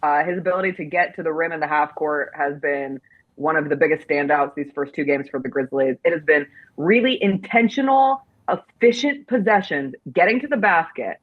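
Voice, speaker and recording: A woman's voice: low voice, moderate pace, narrow, tinny audio. Woman hosting a playful sports talk show. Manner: playful, dramatic outrage.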